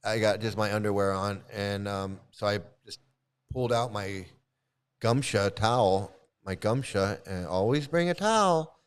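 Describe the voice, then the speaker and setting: A man casually telling a personal story, halting often and repeating his phrases as he restarts. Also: lowish voice, clean tone. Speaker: vlogger recounting past experiences.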